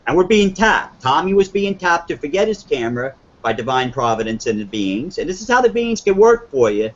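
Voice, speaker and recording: A man's voice: a little high, big pitch swings, a little fast, hardly any pauses, lo-fi sound. A man from northern New Jersey telling his story on a live stream, earnest and rambling, acting out quoted dialogue with many restarts.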